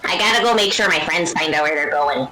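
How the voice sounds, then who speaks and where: A woman's voice: low-pitched, quick pace, bright, forceful tone. A woman playing her character in a tabletop game, playful and childlike. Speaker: player. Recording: echoey room with clear noise.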